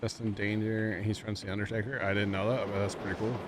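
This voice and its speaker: A man in his thirties, a streamer chatting casually and telling rambling, animated stories full of fillers. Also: fairly low pitch, fast talker. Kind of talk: casual chat while streaming a game. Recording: background noise.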